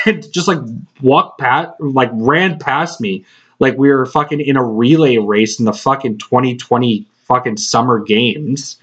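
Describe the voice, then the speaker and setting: On a slightly dull, lo-fi podcast recording, a male host casually recounts a meandering workplace story, laughing between lines and swearing frequently. He speaks unhurriedly in a medium pitch, with a fairly bright tone and a breathy edge.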